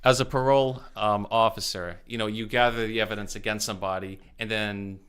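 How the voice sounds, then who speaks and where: A man's voice: fairly low pitch, fairly even intonation, a little fast, fairly bright tone, smooth. A man hosting a podcast in casual chat, upbeat and joking, with frequent stumbling restarts. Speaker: podcast host.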